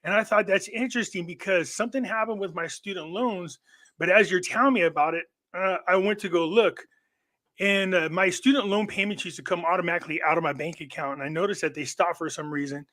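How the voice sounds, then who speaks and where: A man's voice: sits high, fairly quick, sharp tone. A man who is a guest on a live online show, telling long stories in a rambling way and often restarting his sentences. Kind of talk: casual chat.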